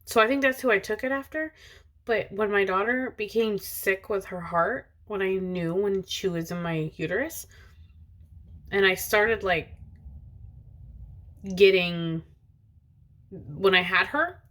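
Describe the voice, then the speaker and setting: Seated at the wheel, a woman in her thirties who has two children chats to the camera in an unhurried, rambling vlog. Her mid-range voice has a fairly bright tone, with long pauses, many fillers and frequent restarts.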